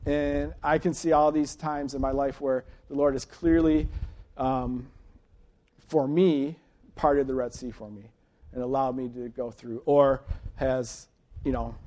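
A man's voice: medium pitch, fairly even intonation, measured pace, mellow. A man in his late thirties preaching an informal sermon, folksy and chatty, often checking in with his listeners. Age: late 30s.

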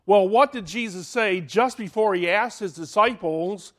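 A high-voiced man preaching a sermon at an unhurried pace. He is dramatic, swinging from loud, emphatic lines down to near-hushed ones. He keeps asking the listeners questions.

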